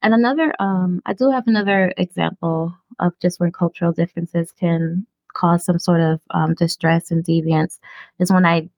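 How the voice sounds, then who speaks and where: A low, gravelly-voiced woman from Brooklyn talks candidly about her own experiences. She co-hosts a casual podcast, and her delivery is loose and full of fillers. The recording is dry and close. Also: fairly even intonation, normal speed, darkish tone, dry recording, low-quality recording. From Brooklyn, New York. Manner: candid, storytelling with frequent fillers. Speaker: podcast co-host. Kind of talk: casual conversation on mental health.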